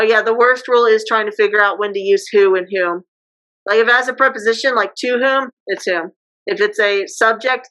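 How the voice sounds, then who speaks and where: A woman's voice: mid-range voice, pushed and bright, poor audio. A woman teacher giving a casual classroom lecture, chatty and acting out example phrases.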